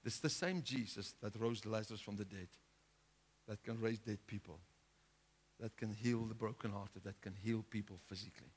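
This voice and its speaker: A male pastor preaching a sermon, driving his points home with rhetorical questions and swinging between loud outbursts and hushed lines. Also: fairly low pitch, normal speed, breathy edge.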